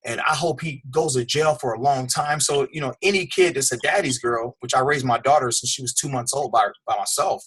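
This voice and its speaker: Husky-voiced man telling his story. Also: mid-range voice, brisk, hardly any pauses, fairly bright tone. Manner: candid, conversational, repeats words and uses "man". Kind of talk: personal storytelling on a call.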